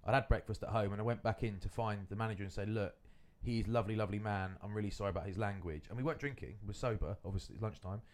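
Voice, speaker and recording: A man's voice: fairly low pitch, rapid-fire, hardly any pauses, darkish tone. A man, hosting a podcast and telling rambling stories in casual chat. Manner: rambling anecdotal storytelling. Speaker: podcast host.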